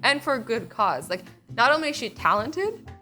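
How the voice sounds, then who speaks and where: Young woman, reaction host, bubbly, giggly, higher voice, faint music behind. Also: sing-song, moderate pace, sharp tone. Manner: bubbly, giggly, says "like" a lot. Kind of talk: casual reaction commentary.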